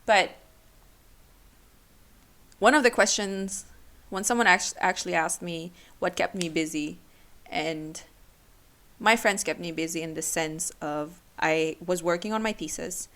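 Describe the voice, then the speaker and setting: A young woman hosting her own podcast, talking emotionally and haltingly, tearful at times. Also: lowish voice, fairly bright tone. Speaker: podcast host. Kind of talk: personal solo podcast.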